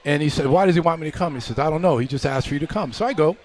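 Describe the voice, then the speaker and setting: A middle-aged man, a former pro basketball player, telling long anecdotes as a guest on a live radio show, relaxed and acting out the voices of people in his stories. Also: on the high side, rapid-fire. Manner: relaxed anecdotal storyteller, acts out quoted voices. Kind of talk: storytelling in a live radio chat.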